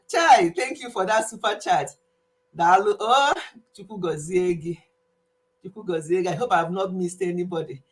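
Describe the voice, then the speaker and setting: A woman hosting a live stream, greeting viewers with excitement and leading an earnest prayer. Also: mid-range voice, moderate pace.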